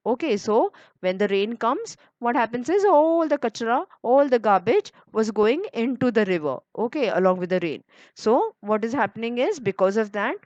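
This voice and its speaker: A woman's voice: mid-range voice, darkish tone, no room sound, muffled recording. Woman teacher. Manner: patient, explanatory, uses Hindi fillers. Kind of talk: explaining a school lesson.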